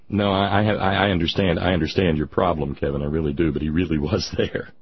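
A male talk radio host riffs on politics in a rambling, sardonic way and often restarts his sentences. His voice is low and husky. The broadcast sound is dull and lo-fi. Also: fairly even intonation, fairly quick.

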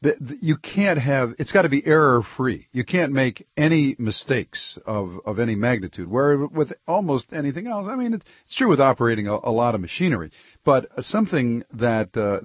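A male radio host talking loosely and with jokes into a studio mic, his voice a bit husky. The sound is dry and slightly dull, like a radio broadcast. He rambles between emails and callers. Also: medium pitch, dry recording. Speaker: radio talk show host. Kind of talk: call-in radio talk.

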